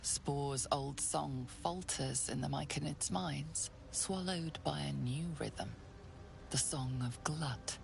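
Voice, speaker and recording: In a deep, gravelly voice. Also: female voice, slow, background noise, exaggerated voice. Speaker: game narrator. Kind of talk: scripted narration.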